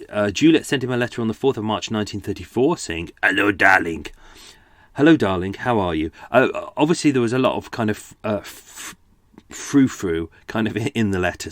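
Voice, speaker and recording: A man chats his way through a true-crime podcast, wandering into jokey asides. His voice sits fairly low and sounds dry and close to the mic. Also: no room sound. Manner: chatty, jokey, rambling asides. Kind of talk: casual chat.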